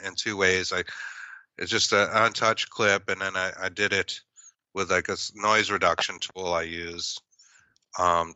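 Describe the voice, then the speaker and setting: Deep-voiced paranormal podcast host. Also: male voice, pushed and bright, dry recording. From Massachusetts, USA. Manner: rambling, with frequent fillers. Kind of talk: casual podcast chat. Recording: dull, lo-fi, dry.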